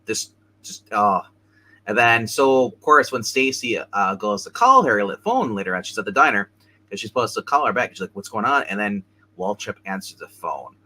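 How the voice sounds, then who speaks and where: Male co-host, bright and forceful voice, rambling episode recap full of restarts. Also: lowish voice, expressive, low-quality recording. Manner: rambling, halting, many restarts. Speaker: show co-host.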